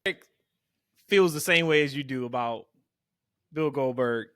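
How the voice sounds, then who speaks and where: Give me a man with a bright, sharp voice hosting a chatty podcast, recorded dry. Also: medium pitch, normal speed, clean tone, dry recording. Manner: laughs often while talking, upbeat and chatty. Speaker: podcast host. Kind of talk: casual podcast chat.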